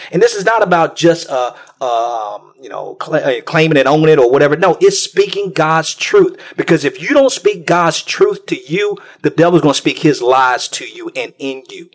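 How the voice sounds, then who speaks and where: A man's voice: fairly high pitch, lively intonation, normal speed, hardly any pauses. Eager man quoting scripture. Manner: affirming, quotes scripture eagerly. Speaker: podcast host. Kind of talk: podcast interview.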